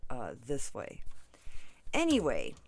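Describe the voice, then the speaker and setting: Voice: medium pitch, huge pitch swings, takes it slowly. A crafting channel host chatting through a tutorial, rambling off on stories, often asking "right?" and laughing between sentences. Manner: rambling, tangents, frequent "right?" and "you know".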